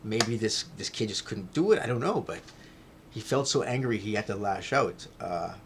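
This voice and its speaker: A man talking to his viewers in a loose, rambling monologue, repeating himself and swearing, getting loud as he retells a fight. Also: on the low side, animated, normal speed, a little hiss or hum. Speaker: vlogger.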